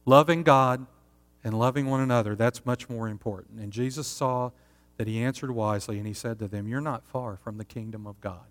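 A man preaching a sermon as pastor, earnest and steady, often asking his listeners rhetorical questions. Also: mid-range voice, a little fast, in a large hall.

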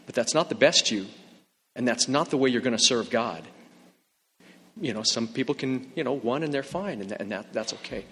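A man who works as an emergency room nurse, telling a personal story in an earnest, halting way, often repeating words and restarting his sentences. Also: mid-range voice, expressive, a bit bright, in a large hall, a little hiss or hum. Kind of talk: personal story told to camera.

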